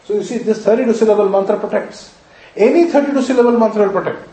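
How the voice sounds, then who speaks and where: A male astrology teacher addresses students in a high, dark voice at a quick pace, emphatic and repetitive, often quizzing them on what he's said. The microphone sits far off in a very echoey room.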